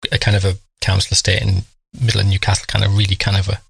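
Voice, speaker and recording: A man co-hosting a podcast, telling family anecdotes in a casual, animated way. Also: low voice, racing, vocal fry, slightly rough, no room sound. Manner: animated anecdote-telling, acts out children's voices. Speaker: podcast co-host. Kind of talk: casual storytelling chat.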